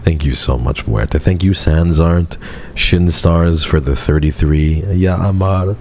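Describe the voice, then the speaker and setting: A man streaming casually, speaking softly in a subdued monotone while sparing a sore throat. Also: very deep voice, slow, a little hiss or hum. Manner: soft-spoken and subdued, flat monotone delivery. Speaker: VTuber streamer. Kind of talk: casual livestream chat.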